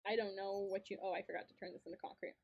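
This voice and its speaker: A woman's voice: medium pitch, little pitch movement, rapid-fire, gravelly, slightly rough, dull audio. A young woman streaming a game and chatting casually, telling a story with frequent laughs and lots of repetition. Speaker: streamer and co-host. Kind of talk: casual storytelling while gaming.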